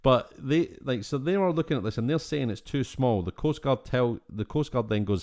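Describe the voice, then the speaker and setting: A man with a Scottish accent, co-hosting a casual film-review podcast in an animated, exasperated way and swearing freely. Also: medium pitch, brisk, few pauses. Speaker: podcast co-host.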